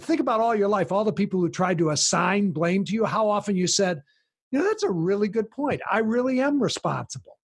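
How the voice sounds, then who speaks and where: Husky breathy guy explaining stuff in an interview, voice bouncing all over, acts out quotes. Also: high-pitched. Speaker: guest explaining a parenting approach. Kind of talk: conversational explanation.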